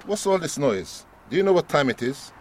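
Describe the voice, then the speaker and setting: An actor playing a principled man who speaks in a measured, earnest way. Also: on the high side, big pitch swings, a little hiss or hum. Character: calm, principled male friend.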